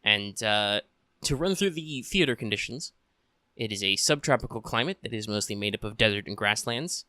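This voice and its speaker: A man's voice: on the low side, moderate pace, no echo, clean studio sound. A man running a tabletop game as game master, casual and joking, with frequent fillers. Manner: relaxed and joking, with many fillers.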